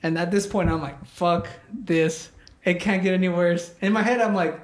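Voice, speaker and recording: A man's voice: high voice, fairly even intonation, normal speed. Rambling young man swearing through a story. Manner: rambling, heavy use of "like", swears a lot. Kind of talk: casual chat.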